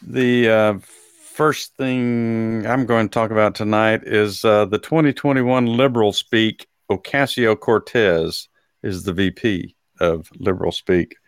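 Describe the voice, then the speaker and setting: A man with a low voice hosts a casual talk show and reads an article aloud. He stumbles often, with fillers and restarts. The sound is dry and close. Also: fairly even intonation, smooth, no room sound. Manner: halting, many fillers and restarts. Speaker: podcast host.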